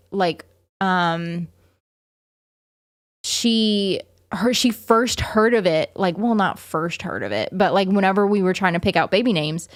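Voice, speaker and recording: A woman's voice: medium pitch, smooth, dry recording, studio quality. A woman vlogging to her viewers in a casual, rambling way, full of fillers and restarts. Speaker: vlogger and parent.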